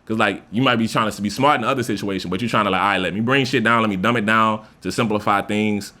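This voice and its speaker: A man's voice: on the low side, fast. A man hosting a podcast, talking casually and loosely with lots of profanity, now and then acting out example voices. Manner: loose, profane, animated speaker who acts out example voices. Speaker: podcast host. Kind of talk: casual monologue.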